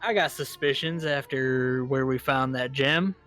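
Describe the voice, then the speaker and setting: A man playing his character in a tabletop game with a put-on American Southern accent, speaking in halting, hesitant phrases. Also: mid-range voice, fairly bright tone, soft background music. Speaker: player.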